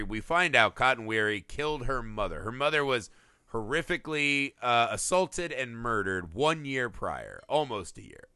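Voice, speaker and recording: A man's voice: medium pitch, clean tone, dry recording, studio quality. A man in a casual film discussion, talking animatedly and acting out lines from scenes. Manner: animated, acts out movie lines.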